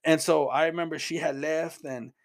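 A man's voice: on the high side, steady tone, moderate pace. A middle-aged man from Houston, earnest and plain-spoken, sharing his Christian testimony as a personal story. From Houston, Texas. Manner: earnest, plain-spoken, repeats words as he goes.

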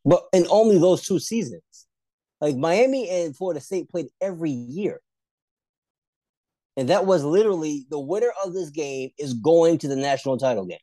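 A man co-hosting a casual sports podcast, debating rivalries and jumping high in pitch when he argues. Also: moderate pace, no room sound. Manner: animated, pitch jumps high when arguing.

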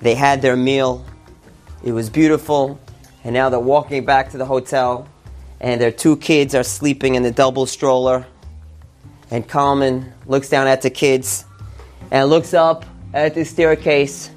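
A man with an ordinary mid-range voice tells a story and draws a religious lesson from it. He stresses key words with lifts in pitch and keeps the telling lively. Faint music plays softly behind him. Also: measured pace. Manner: animated, rising emphasis on key words.

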